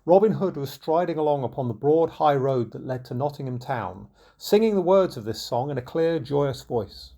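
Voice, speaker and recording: A man narrating an old folk tale in a measured, unhurried storybook reading. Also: medium pitch, expressive, vocal fry, dark tone.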